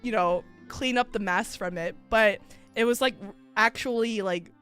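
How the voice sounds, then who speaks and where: A woman VTuber telling stories in casual chat, animated and full of fillers, acting out the people in them. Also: a little high, unhurried, clean tone, faint music behind. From United States. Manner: animated, filler-heavy, acts out voices in stories. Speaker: VTuber streamer.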